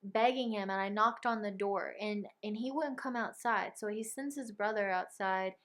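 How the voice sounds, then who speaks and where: A young woman telling a personal story to camera in a casual vlog, with lots of filler words and animated retellings. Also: medium pitch, moderate pace. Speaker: vlogger.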